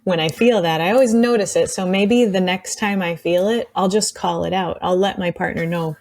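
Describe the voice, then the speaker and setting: A woman's voice: fairly low pitch, normal speed, a little mellow. A woman co-hosting a podcast about relationships, speaking in a reflective, agreeable way with frequent short affirmations. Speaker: podcast co-host. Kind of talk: casual relationship advice chat.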